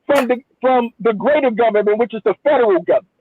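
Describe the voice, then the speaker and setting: A man's voice: extremely high pitch, quick pace, slight background noise. Insistent man on a tinny phone line. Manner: insistent, repeats for emphasis. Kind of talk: heated debate.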